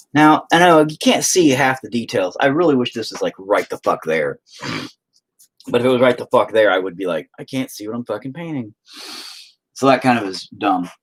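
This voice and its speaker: A man's voice: medium pitch, expressive, normal speed, a bit bright, breathy edge. A man rambling casually to his stream while he paints, swearing constantly and joking. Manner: profane, rambling, jokey. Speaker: streaming artist.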